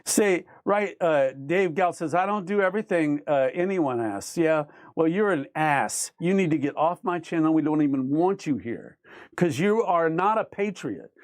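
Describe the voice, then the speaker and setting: A man's voice: on the high side, expressive, unhurried, dry recording, clean studio sound. A man hosting a live show, reading viewer comments aloud and arguing with them in an emphatic, repetitive way. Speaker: livestream host. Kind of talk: ranting live chat reading.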